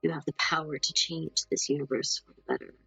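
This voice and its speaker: A woman voicing a self-assured male djinn who grants wishes, speaking in a slow, persuasive way. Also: sits low, huge pitch swings, creaky, pushed and bright, slightly rough, no room sound, faint music behind, pitched below the performer's own voice, exaggerated voice, rough recording. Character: smooth-talking male wish-granting djinn.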